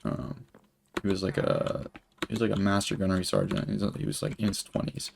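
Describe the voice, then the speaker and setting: A young man in his twenties speaks briskly in a fairly low, creaky voice with flat delivery as he streams and games. His long story wanders, thick with fillers and swearing, and there's a little hiss or hum on the recording.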